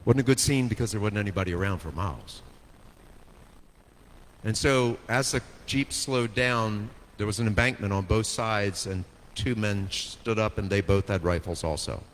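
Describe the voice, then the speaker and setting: A man preaching a sermon, telling a story with dramatic swings from hushed to soaring delivery. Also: lowish voice, moderate pace. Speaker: pastor. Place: church sanctuary. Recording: long hall reverb, faint noise.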